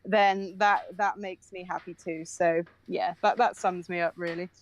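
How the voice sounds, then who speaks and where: A woman's voice: fairly low pitch, level tone, a little slow. A young woman from the UK, a voice actress guesting on a podcast, chatting casually and giggling, with many "like"s and "um"s. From United Kingdom. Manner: giggly, chatty, lots of fillers. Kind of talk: casual chat.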